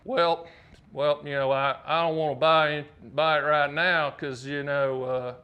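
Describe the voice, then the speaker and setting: A man voicing a hesitant male caller with an American Southern accent, drawling slowly with many fillers. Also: on the high side, little pitch movement, pushed and bright.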